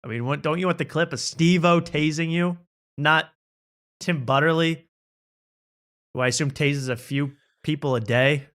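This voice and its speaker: A man hosting a comedy talk show, riffing in a sarcastic, fast-moving way. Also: on the high side, fairly bright tone.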